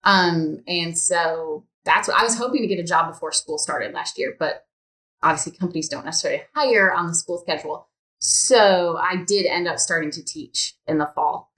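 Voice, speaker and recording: In a lowish, fairly bright voice at a normal pace, an instructional designer chats casually on a podcast as a guest. She talks freely, with many ums and likes, and the recording sounds roomy and echoey.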